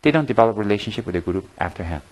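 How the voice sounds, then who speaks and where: A man giving a Buddhist dharma talk, teaching frankly and telling stories with humor and lively acted-out moments. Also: lowish voice, rapid-fire, low-quality recording. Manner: animated, humorous storytelling that acts out scenes; frank, plain-spoken teaching with repeated emphasis.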